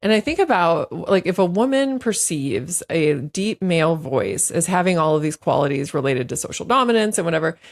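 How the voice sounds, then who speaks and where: Low-voiced woman hosting a science chat. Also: lively intonation, normal speed, hardly any pauses. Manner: thinks aloud, frequent affirming murmurs. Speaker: podcast host. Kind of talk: conversational interview.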